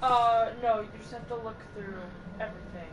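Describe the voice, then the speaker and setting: A woman watching a friend play a game and giving quick, bossy explanations in casual chat. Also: fairly high pitch, steady tone, noisy background.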